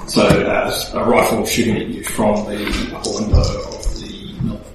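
A man's voice: on the low side, unhurried, over loud music. Man running a tabletop game. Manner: relaxed, hesitant, explaining rules. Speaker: game master. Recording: distant mic in echoey room with background noise.

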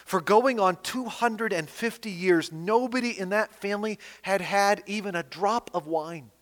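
High-voiced preacher in an echoing hall. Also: male voice, a little slow. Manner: animated, emphatic reading of scripture with rising and falling emphasis. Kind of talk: sermon. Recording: long hall reverb.

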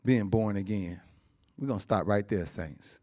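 A man pastor preaching a sermon, calling out to the congregation, laughing as he talks and surging high and loud, then dropping to a hushed prayer. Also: moderate pace. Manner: animated, surges high and loud, laughs through lines, calls out "Amen?" and "Huh?"; drops to a hushed, soft tone in prayer.

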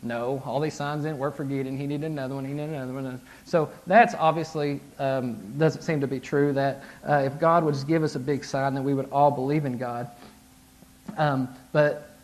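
A man's voice: mid-range voice, fairly even intonation, normal speed. A man in his thirties giving a casual sermon, talking conversationally with frequent asides and restarts. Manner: conversational, frequent "right?" and "like", restarts, acted-out inner voices. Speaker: pastor.

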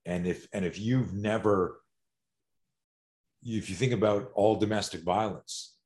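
Man, fairly low voice, fight coach, casual talk, animated storytelling, swears, restarts sentences. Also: unhurried. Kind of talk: casual podcast conversation.

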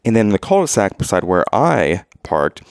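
A man's voice: on the low side, normal speed, creaky, no room sound. A man casually telling a story on a podcast, acting out the people in it as he goes. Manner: animated storyteller, acts out quoted exchanges.

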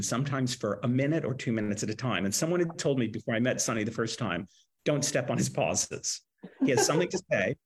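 A man in his sixties, an author interviewed as a guest, telling lively anecdotes and acting out quotes with laughs. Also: mid-range voice, breathy edge. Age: 60s. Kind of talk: casual interview storytelling.

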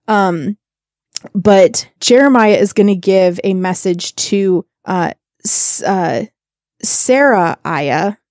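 A woman of middle pitch reads scripture aloud in a casual podcast, stopping now and then for dry, joking comments. The sound is close and dead, with no room echo. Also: lively intonation, extremely slow, a little mellow. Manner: reads verses aloud, then breaks off with wry asides and profanity. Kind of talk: casual chat and Bible reading.

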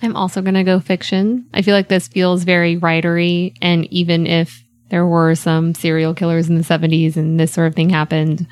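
A woman on a podcast panel, chatty and quick to laugh. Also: on the low side, flat delivery, a little mellow, clear, resonant tone. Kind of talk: casual podcast chat.

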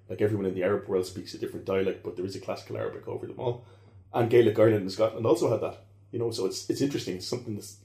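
A man's voice: lowish voice, mellow, roomy sound. A man explaining history in conversation, rambling and correcting himself as he goes. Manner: rambling, self-correcting, digressive. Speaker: historian guest.

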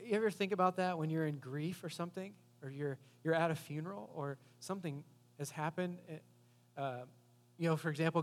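Male pastor, fairly high voice, conversational sermon, long reverb. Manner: earnest, conversational preaching with rhetorical questions.

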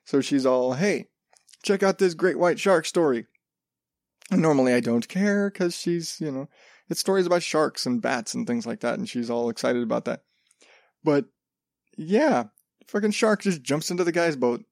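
A man's voice: medium pitch, animated, normal speed, creaky, darkish tone, dry recording, clean studio sound. A man hosting a casual solo podcast, rambling with lots of restarts and swearing freely. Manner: rambling, profane, self-interrupting. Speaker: podcast host.

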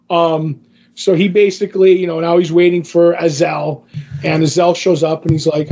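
A man co-hosting a podcast, retelling a comic book issue in a casual, rambling and excited way, acting out the characters' lines. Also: on the high side, a little fast, husky, lo-fi sound. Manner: excited, rambling, acts out quotes. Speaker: podcast co-host.

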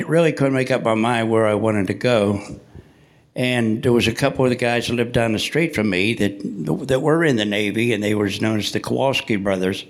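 An older man, a Navy veteran, telling jokey stories live to an audience in a church hall. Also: medium pitch. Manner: jokey, punchline-driven, chatty with the audience. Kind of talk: joking live storytelling.

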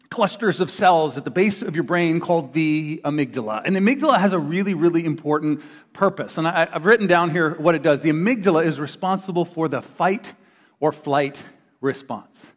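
A middle-aged man preaching a sermon to a congregation in a church hall, an animated storyteller who acts out the voices of the people he quotes. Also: on the high side. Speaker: pastor. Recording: long reverb of a large hall.

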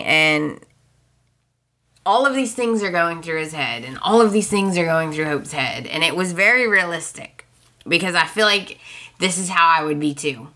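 A woman hosting a podcast, casually retelling soap opera scenes in an animated way and acting out the characters' lines. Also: on the low side. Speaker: podcast host.

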